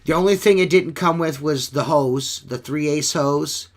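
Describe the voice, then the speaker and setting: A man's voice: fairly high pitch, moderate pace. A middle-aged man hosting a podcast, chatting casually in a loose, rambling way and swearing often. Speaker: podcast host. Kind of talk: casual profane podcast chat.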